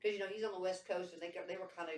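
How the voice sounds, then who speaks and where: A woman's voice: fairly low pitch, fairly even intonation, very fast, slight background noise. A woman telling a story with lots of energy. She swears casually and jumps into exaggerated voices for the people she quotes. Her voice sounds a little far from the mic, in a roomy space. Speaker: podcast guest.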